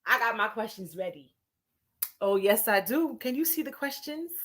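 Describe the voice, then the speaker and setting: A woman hosting her first livestream from home, talking in an excited, nervous and giggly way with lots of exclamations. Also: fairly high pitch, normal speed. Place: home in Paris.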